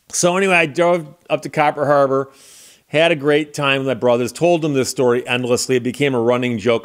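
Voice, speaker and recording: Man telling a casual story, mid-pitched. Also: a little fast. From Detroit area, Michigan. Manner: animated storyteller who laughs at his own story and acts out dialogue. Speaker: channel host.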